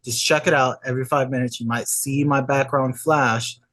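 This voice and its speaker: A man on a casual panel, joking in a dry, deadpan way. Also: mid-range voice, moderate pace, no room sound. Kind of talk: casual chat.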